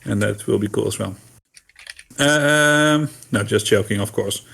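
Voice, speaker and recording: A man's voice: on the low side, measured pace, creaky, fairly bright tone. A man playing in a tabletop game, giving a wry, playful story recap. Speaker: player. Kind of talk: casual chat and read recap.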